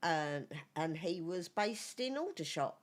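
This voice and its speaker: Slow-talking Cockney woman. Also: lowish voice, very animated. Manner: hesitant, halting, fillers and giggles. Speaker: podcast co-host. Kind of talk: casual podcast chat.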